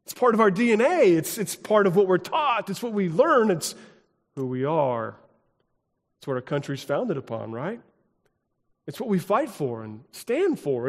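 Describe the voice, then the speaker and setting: An American man preaching a sermon as pastor, speaking emphatically and building to loud exclamations. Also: a little high, animated, moderate pace. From United States. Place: church sanctuary. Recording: long reverb of a church hall.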